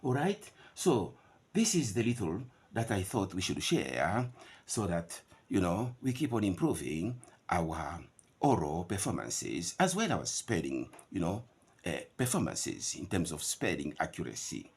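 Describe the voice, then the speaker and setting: Middle-aged male pronunciation teacher, low husky voice, animated lecturing delivery. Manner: repeats words slowly to model pronunciation.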